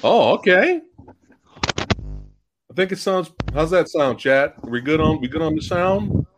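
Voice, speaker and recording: A man's voice: fairly high pitch, big pitch swings, slow pace, noisy background. A man in his forties hosting a casual livestream, talking to chat and laughing often, on a headset mic. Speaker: host. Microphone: headphones or earbuds mic.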